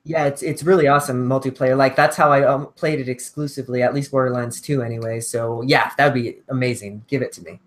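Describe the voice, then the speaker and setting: Man, mid pitch, easygoing, hosting a gaming podcast, moves the chat along. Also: steady tone, quick pace, few pauses. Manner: easygoing, leads the topics. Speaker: podcast host.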